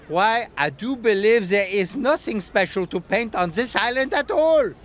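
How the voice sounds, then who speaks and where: A man playing a fussy artist, higher voice, sighing, storybook cartoon. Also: lively intonation, moderate pace, slight background noise. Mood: dismissive. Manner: sighing, dismissive. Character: haughty fussy male artist, hard to please.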